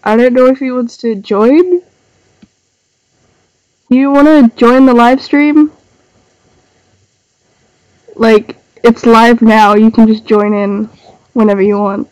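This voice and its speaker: A young Australian woman who is sick with a cold chats casually on a livestream while drawing, her voice stuffy and nasal. She speaks slowly with long pauses in a fairly high, steady, darkish voice. The desk-microphone audio is poor but has no echo.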